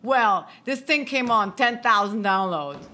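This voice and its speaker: A woman co-hosting a podcast, chatting casually and reacting with excited, swearing exclamations. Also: medium pitch, a little slow. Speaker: podcast co-host. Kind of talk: casual chat.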